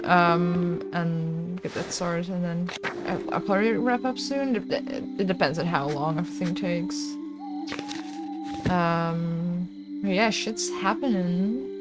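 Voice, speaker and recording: A woman's voice: lowish voice, takes it slowly. Chatty woman streamer over game music. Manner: chatty, reads lines dramatically, laughs often. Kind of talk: live game commentary and reading dialogue aloud.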